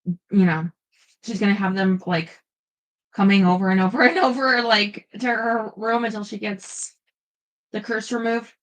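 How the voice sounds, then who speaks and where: Reading a first-person paranormal romance aloud, this female audiobook narrator is playful and occasionally breaks off for chatty asides. Her voice is mid-range, with fairly even intonation and a measured pace, and the audio is poor.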